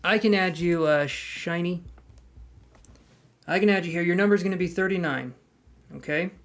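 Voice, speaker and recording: A man's voice: high-pitched, normal speed, a bit bright. A man hosting a live tarot stream in casual chat, greeting viewers by name, handing out queue numbers and cracking jokes.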